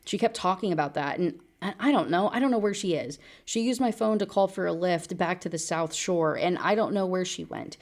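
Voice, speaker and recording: A woman reading a young man losing it, grieving and accusing, voice sits on the low side, words tumbling out like a plea. it's an audiobook-style read inside a book review. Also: brisk, few pauses, darkish tone, natural voice. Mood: anxious.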